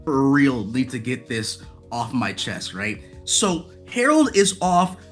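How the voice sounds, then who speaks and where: A man's voice: medium pitch, wildly swooping pitch, slow pace, faint music behind. A man in casual chat, ranting animatedly about a story and swearing freely.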